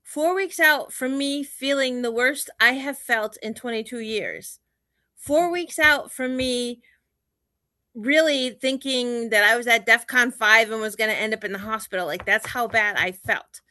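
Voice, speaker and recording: Bright, animated woman guest. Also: fairly high pitch, no echo, studio quality. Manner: animated, retelling her days with quick bursts and quoted self-talk. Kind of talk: casual video chat interview.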